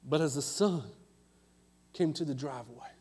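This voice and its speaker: A man preaching an impassioned sermon in a church, moving between loud calls and hushed asides. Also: on the high side, moderate pace, breathy edge. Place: church sanctuary. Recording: long hall reverb.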